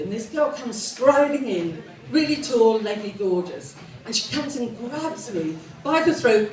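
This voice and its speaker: A woman's voice: on the high side, roomy sound, recorded from a distance, low-quality recording. A posh-sounding woman from England performing a self-mocking stand-up comedy set, telling stories built around punchlines. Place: live comedy venue with audience.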